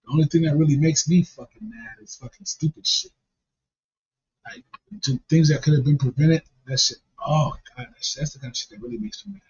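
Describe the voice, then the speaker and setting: Man, husky voice, slightly high, rambling profane banter, dull lo-fi recording. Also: fairly quick. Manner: rambling, repeats himself. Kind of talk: casual profane chat.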